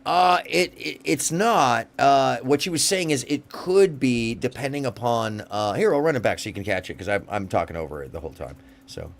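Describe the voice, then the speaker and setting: A man hosting a casual call-in livestream, joking loudly and playfully. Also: mid-range voice, animated, normal speed, hardly any pauses, a little hiss or hum. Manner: joking, loud bursts, playful. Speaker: livestream host.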